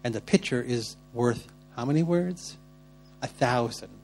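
A man preaching a sermon, telling personal stories straight to the congregation and moving between quiet asides and loud bursts. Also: medium pitch, unhurried, faint music behind. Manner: animated, swinging between soft asides and loud outbursts; laughs often while telling stories.

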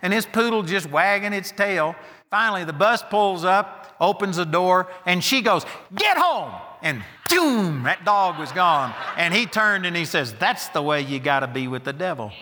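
A man's voice: high voice, normal speed, pushed and bright, long reverb tail, slight background noise. A man preaching a sermon, emphatic and insistent, hammering his points with repeated declarations.

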